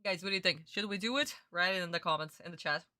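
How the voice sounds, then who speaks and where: A woman's voice: lowish voice, quick pace, sharp tone, dry recording, clean studio sound. A young woman ranting in a casual live-stream reaction, exasperated and swearing freely.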